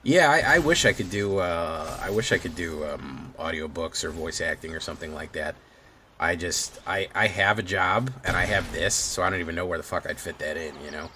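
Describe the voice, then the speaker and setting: A man streaming a card game, casually muttering his plays aloud with quick exclamations. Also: sits low, pushed and bright, a little hiss or hum. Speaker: gaming streamer. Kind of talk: casual gameplay commentary.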